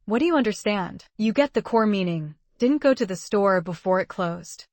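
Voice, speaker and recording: A woman teaches English listening in a measured, scripted way. Her voice sits at a middle pitch and is recorded dry and close, with no room sound around it. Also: lively intonation, darkish tone, dry recording. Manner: clear, measured teaching delivery. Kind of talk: scripted lesson narration.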